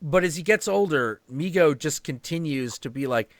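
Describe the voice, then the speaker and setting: A man hosting a stream, telling a story in a casual, animated, profane and rambling way. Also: a little high, normal speed, dry recording, studio quality.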